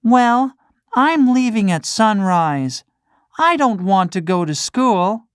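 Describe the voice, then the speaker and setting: A woman's voice: medium pitch, expressive, takes it slowly, clear, resonant tone, no room sound, studio quality, voice pushed up. A woman voicing a naughty wooden boy puppet who talks rudely and defiantly. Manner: shouting, rude and defiant.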